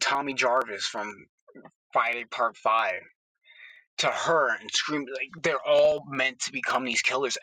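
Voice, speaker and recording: A man's voice: mid-range voice, bright, forceful tone, dry recording, rough recording. A man in a casual, blunt and profane vlog monologue, recorded on a phone inside his car. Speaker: horror movie vlogger. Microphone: phone held away from the mouth.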